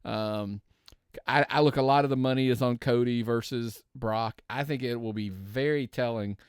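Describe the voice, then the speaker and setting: This podcast co-host chats casually in a medium-pitched, steady voice at a moderate pace. He keeps restarting sentences as he works out his opinions aloud. The recording is clean, echo-free, and studio quality.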